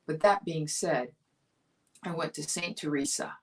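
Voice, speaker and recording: A woman in her fifties from Florida, with a low, grounded voice, hosts her own livestream talk show. She tells a childhood story in a chatty, amused way and laughs as she talks. Her voice sounds a little distant from the microphone. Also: a little slow. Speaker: comedian host of a weekly livestream talk show. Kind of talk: casual storytelling monologue.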